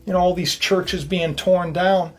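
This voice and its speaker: A man's voice: sits high, steady tone, measured pace. A man hosting his own online commentary show, rambling in a casual, jokey way and often repeating himself. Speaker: YouTube commentary host.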